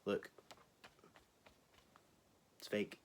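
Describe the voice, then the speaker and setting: A man in his twenties hosting his own channel, ranting to camera in a casual, sarcastic and sweary way. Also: drawn-out words. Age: 20s. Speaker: channel host.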